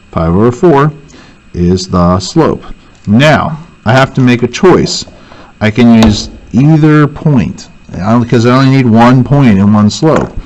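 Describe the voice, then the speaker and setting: A man's voice: mid-range voice, darkish tone. A male teacher walking through a worksheet and thinking aloud, correcting himself as he goes. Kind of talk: worksheet walkthrough lesson.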